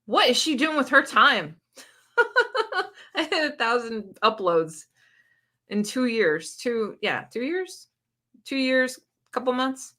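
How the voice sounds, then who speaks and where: Bright-voiced chatty woman hosting a livestream. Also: high-pitched, sing-song, takes it slowly, pauses often. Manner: chatty, laughs often, reads viewer comments aloud. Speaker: book channel host. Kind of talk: casual livestream chat.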